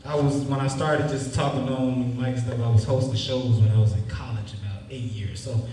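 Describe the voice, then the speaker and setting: A man's voice: medium pitch, moderate pace, distant mic. A young man doing a stand-up set, loose and profane, then chatting about his start in comedy. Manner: loose, profane, animated storytelling. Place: stage in a cinema. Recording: echoey hall, voice from off mic, faint noise.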